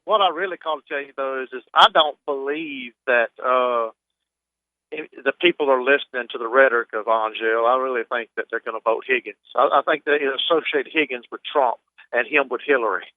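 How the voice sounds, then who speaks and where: A man's voice: medium pitch, brisk, no room sound. A man calling in to a talk radio show, hesitant and stumbling over repeated words. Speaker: caller. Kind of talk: phone-in call to talk radio. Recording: phone line.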